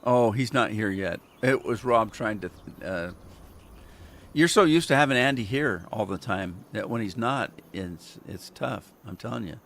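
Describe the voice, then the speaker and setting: Chatty older man with a bright voice. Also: on the low side, lively intonation, measured pace. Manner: rambling storyteller, chuckling often. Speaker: gaming livestreamer. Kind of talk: casual chat while playing.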